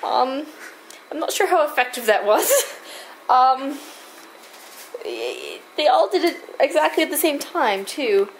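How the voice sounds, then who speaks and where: Lady doing an in-character game recap, slow and halting, kinda highish voice. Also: big pitch swings, a little hiss or hum, rough recording. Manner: halting, many fillers, amused.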